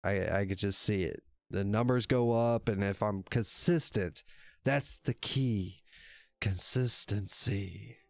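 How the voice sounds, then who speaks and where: A man's voice: lowish voice, slow pace, vocal fry, a little mellow, no room sound. A man hosting his own livestream show, talking casually to viewers, rambling and correcting himself, with plenty of cursing. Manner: rambling, self-correcting, cursing, laughs often. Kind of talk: casual solo livestream talk. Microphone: desk microphone.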